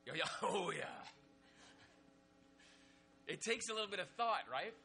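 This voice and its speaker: Guy preaching, funny camp stories, really bright tense voice, kinda high. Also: measured pace, gravelly. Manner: lively anecdotes with many fillers and restarts. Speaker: pastor. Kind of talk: humorous sermon storytelling.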